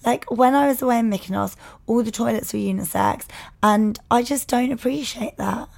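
A woman's voice: a little high, moderate pace, vocal fry, darkish tone. Blunt, sweary woman podcaster. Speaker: podcast co-host. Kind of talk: casual chat.

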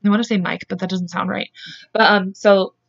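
Speaking fairly quickly with vocal fry, a young woman co-hosting a podcast casually retells a crime case at a medium pitch and fairly even intonation. She's chatty, acts out the quotes and laughs often, and the sound is lo-fi.

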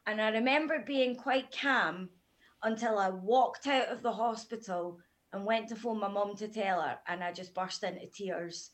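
A woman's voice: mid-range voice, normal speed. A woman guest on a podcast, telling a hard personal story in a frank, matter-of-fact way.

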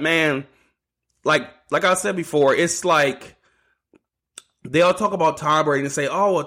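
A man's voice: a little high, fairly bright tone. A man hosting a solo sports podcast, ranting casually with lots of swearing and restarts. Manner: ranting, profane, restarts a lot. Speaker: podcast host.

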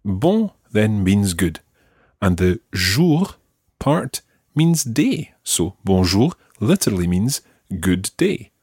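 Scottish male tutor, husky low voice, patient, dry close sound. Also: sing-song, darkish tone, dry recording. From Scotland. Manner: clear, patient, repeats words slowly for the learner. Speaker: language teacher. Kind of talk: podcast language lesson.

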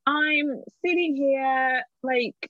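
Lively woman, candid interview guest. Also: high-pitched, drawn-out words, no room sound. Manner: animated, acts out her own past remarks, laughs often. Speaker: literary agent, guest. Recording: dull, dry sound.

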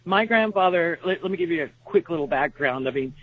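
A woman's voice: fairly low pitch, lively intonation, brisk. A woman with a Texas accent, a guest author telling her family's story in a chatty, self-deprecating way. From Texas, USA. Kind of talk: conversational interview. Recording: tinny phone line.

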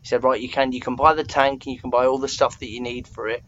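A man's voice: medium pitch, little pitch movement, fast talker, fairly bright tone. A young man from England tells loose, rambling stories in casual chat, full of fillers and self-mocking asides. His recording sounds a little dull, with faint noise in the background.

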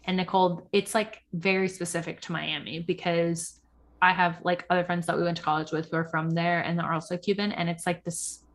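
A woman's voice: lowish voice, little pitch movement, brisk. A young woman co-hosting a podcast, gossiping casually about a reality show and saying "like" a lot. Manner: chatty, gossipy, full of "like". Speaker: podcast co-host. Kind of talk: casual chat recapping reality TV.

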